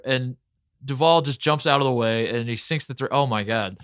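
A man with a mid-range voice chats excitedly about basketball on a podcast. He rambles, restarts his sentences and uses many fillers. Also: mid-range voice, moderate pace, clear, resonant tone, no echo, clean studio sound. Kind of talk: casual sports talk.

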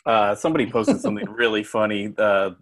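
Low voice guy, easygoing, tossing questions to the crew. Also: lively intonation, quick pace. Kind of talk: casual group chat.

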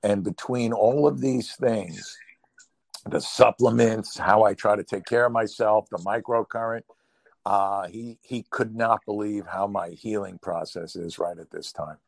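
With a lowish voice and measured pace, a Brooklyn-accented podcast co-host from New York rambles casually, frequently laughing and pitching up in excitement. His tone is gravelly and husky, and the recording is dry and close.

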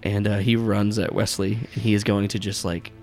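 A man's voice: fairly low pitch, little pitch movement, normal speed, a little mellow, soft background music. A man narrating as game master in a tabletop game, rambling with lots of fillers and swearing.

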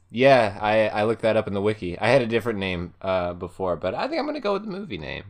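A man playing a tabletop role-play game, rambling through trivia in a halting, eager way. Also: on the low side, very animated. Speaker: player.

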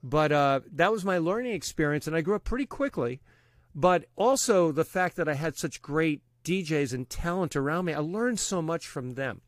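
A man's voice: fairly high pitch, expressive, no echo. A man from Brooklyn with a Long Island New York accent, a radio DJ telling stories in a casual interview from his home studio. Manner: chatty storyteller, quick asides. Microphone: studio microphone.

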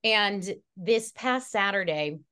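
A woman's voice: medium pitch, animated, takes it slowly, pushed and bright, clean tone. A woman guest in a casual podcast conversation, telling a heartfelt story with lots of fillers and restarts. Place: Connecticut.

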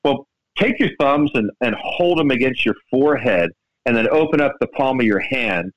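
A man hosting a golf radio show, telling stories in casual sports chat with a lively, storytelling manner, speaking into a studio microphone. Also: moderate pace, muffled recording. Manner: animated storyteller, lively swings in pitch.

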